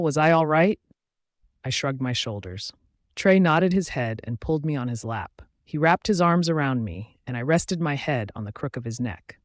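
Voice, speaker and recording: A man's voice: fairly high pitch, dry recording. Man narrating a story, dry sound. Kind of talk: first-person story reading.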